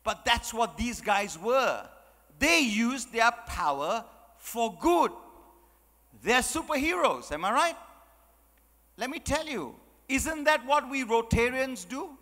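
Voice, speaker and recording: A man's voice: very high-pitched, sing-song, slow, pushed and bright, in a large hall. A man giving a chatty, joking motivational talk, full of "you know"s. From Malaysia. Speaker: motivational speaker. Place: large hall.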